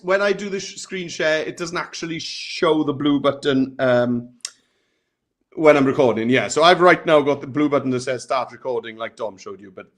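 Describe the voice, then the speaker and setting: A British man hosting a live software tutorial, chatty and upbeat, walking through each step. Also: fairly high pitch. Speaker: host tutor.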